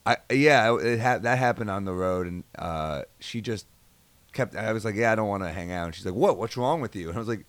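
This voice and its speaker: A man's voice: fairly low pitch, a little fast, no room sound. A man, a comedian, telling funny stories in casual chat and acting out the quoted lines.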